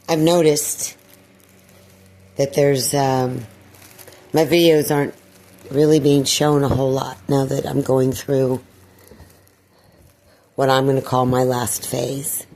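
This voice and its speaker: Deep-voiced weary woman vlogging. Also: vocal fry, warm tone. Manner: weary, distressed, sighing. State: clearing her throat. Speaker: video blogger. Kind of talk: personal vlog monologue.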